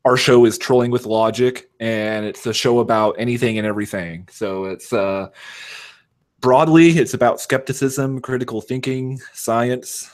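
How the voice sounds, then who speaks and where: A man appears as a podcast guest, chatting casually and rambling with many fillers while poking fun at himself. His voice is medium-pitched and steady, at a moderate pace.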